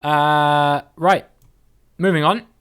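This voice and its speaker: A man's voice: on the high side, fairly even intonation, very slow, a bit bright, clear, resonant tone. A man giving chatty, playful live-stream commentary while playing a guessing game with his viewers, greeting them by name and swearing casually.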